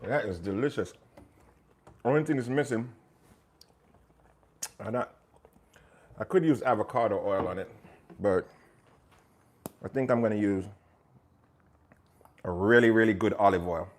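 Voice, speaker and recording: A man's voice: fairly low pitch, a little slow, pauses often, slight background noise. Chatty man cooking live. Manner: chatty, talks to viewers while cooking, drifts into patois. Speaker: cooking show host. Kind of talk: live cooking stream, casual chat. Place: home kitchen.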